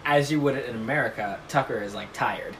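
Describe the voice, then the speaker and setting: A man's voice: mid-range voice, fairly quick, a bit bright, a little hiss or hum. A man in casual podcast chat, laid-back, chiming in with quips and short answers. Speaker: podcast co-host.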